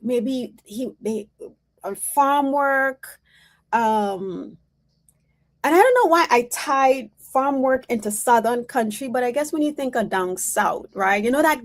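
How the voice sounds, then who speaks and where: A woman's voice: high voice, darkish tone. A woman psychic reader giving a casual mediumship reading, rambling and chatty with many restarts.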